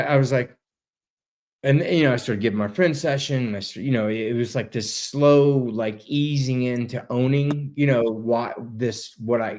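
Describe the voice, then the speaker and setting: A man telling a story as a guest, casual and laid-back, over a video call. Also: medium pitch. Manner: animated, laid-back, says dude a lot, swears. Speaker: interview guest.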